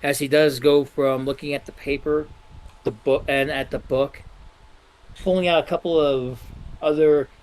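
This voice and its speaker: A man narrating as game master in a loose, halting way with many self-corrections. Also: a little high, fairly even intonation, darkish tone, rough recording.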